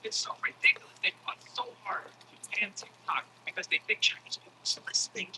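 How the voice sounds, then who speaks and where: A man telling a comic story in a casual, animated style, swearing freely and acting out other people's voices. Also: high voice, fairly quick, in a whisper, low-quality recording. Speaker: comedian. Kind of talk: stand-up comedy storytelling.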